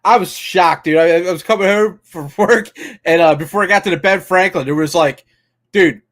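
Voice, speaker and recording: A laid-back man with a somewhat high voice co-hosts a casual sports chat. He rambles easily, trails off mid-thought, and peppers his talk with "dude.". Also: moderate pace, a bit bright. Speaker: podcast co-host.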